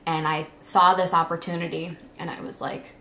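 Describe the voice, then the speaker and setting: Woman, young adult, vlog storytelling, halting, emotional, full of fillers, faint background noise. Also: lowish voice, level tone, a bit bright. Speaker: vlogger.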